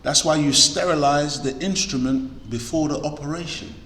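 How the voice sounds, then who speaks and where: A man's voice on the high side, fairly bright and at normal speed, delivers an emphatic, exhorting sermon to a congregation, with key words repeated for stress. Slight background noise accompanies this preacher or lecturer, whose large, echoey hall lends the recording a long reverb.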